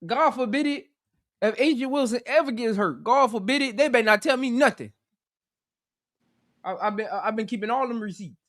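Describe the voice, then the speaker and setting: High-voiced laughing sports co-host. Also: male voice, moderate pace, pauses often. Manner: laughs along, animated, slangy agreement. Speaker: co-host of a live sports reaction stream. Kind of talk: casual sports debate.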